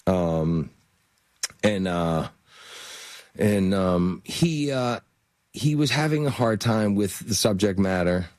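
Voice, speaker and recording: Animated man telling stories. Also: on the low side, slow, long pauses, no echo. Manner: animated, laughs often, many fillers. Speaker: actor guest. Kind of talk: casual anecdotal storytelling.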